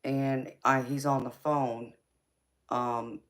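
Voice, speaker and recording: A woman hosting a live stream, casually telling a personal story in an animated way, swearing freely and laughing as she talks. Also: very deep voice, slow. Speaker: tarot reader and live stream host.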